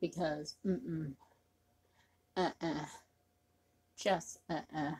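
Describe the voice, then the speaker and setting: A woman vlogging to her camera, rambling and circling back to the same points, with fillers between her phrases. Her voice is husky and her delivery is slow and unhurried. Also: low-pitched, steady tone, a little mellow. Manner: rambling, repetitive, with many fillers. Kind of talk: casual talk to camera.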